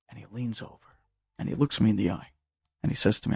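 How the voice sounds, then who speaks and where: A man, a rabbi, tells a personal story for a podcast in an animated, emphatic way, acting out the dialogue. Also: on the low side, fast, vocal fry, pauses often, breathy edge, no room sound, clean studio sound.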